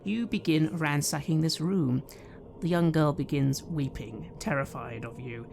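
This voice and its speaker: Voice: mid-range voice, creaky, noisy background. A game master narrating scenes and asking players what they do. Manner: descriptive, measured narration.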